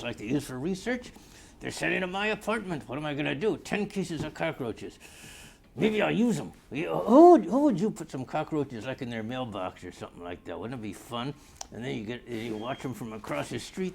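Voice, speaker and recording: A blustery older man rambles through a comic monologue in a gravelly, swooping voice that leaps up and down in pitch. He keeps losing his thread and arguing with imagined callers. Faint noise sits under the recording. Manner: rambling, blustery, easily sidetracked. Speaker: comedy character newscaster. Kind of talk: improvised comedic monologue.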